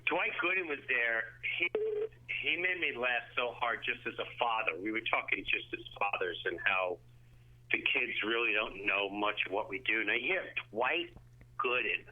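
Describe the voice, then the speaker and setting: A male comedian telling stories as a guest, lively and acting out the people in them, heard over a phone line. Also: mid-range voice, normal speed. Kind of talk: animated storytelling. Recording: phone-line call-in audio.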